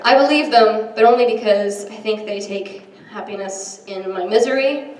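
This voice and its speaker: A woman's voice: mid-range voice, normal speed, recorded from a distance. Young woman doing stand-up in an echoey hall. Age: young adult. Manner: self-deprecating, chatty with many ums. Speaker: stand-up comedian. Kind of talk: stand-up set. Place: large hall with a live audience. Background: audience laughter and room noise.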